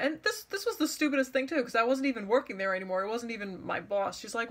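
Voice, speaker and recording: A woman's voice: a little high, lively intonation, fast, few pauses, fairly bright tone. A young woman telling a personal story to camera in an exasperated, sarcastic rant. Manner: exasperated, sarcastic, mocks others' words. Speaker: vlogger.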